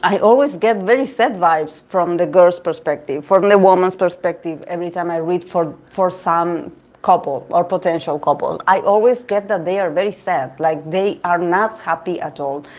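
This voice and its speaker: A woman host chatting casually about idol news, gossipy and quick to laugh, often restarting her sentences. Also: fairly low pitch, darkish tone. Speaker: tarot reader and channel host. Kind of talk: casual chat reading live comments.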